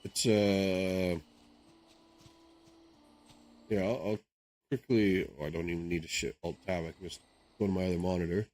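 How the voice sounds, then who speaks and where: Man, streamer, low-ish voice, casual rambling chat, keeps saying "right?". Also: fairly even intonation, fairly quick, a little mellow. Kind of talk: casual chat while gaming.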